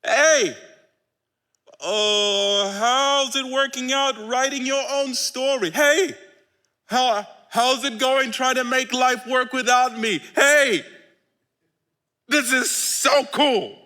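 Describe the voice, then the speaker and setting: A man's voice: extremely high pitch, slow pace, pushed and bright, voice pushed up, full character voice. A man voicing Jesus as a playful man who teases his friends with coaxing questions. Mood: teasing. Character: Jesus, gentle teasing man calling to friends.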